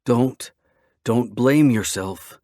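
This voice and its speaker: A man voicing a blunt, steady male biker who talks firmly to a panicking friend. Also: medium pitch, extremely slow, dry recording, clean studio sound, voice pushed up. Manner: firm, blunt.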